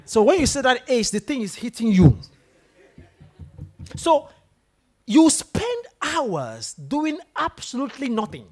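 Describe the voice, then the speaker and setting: Lively, animated male motivational speaker. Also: very high voice, slow pace, pauses often. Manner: animated, asks the room questions. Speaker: guest speaker. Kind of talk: motivational talk to students. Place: lecture room with an audience.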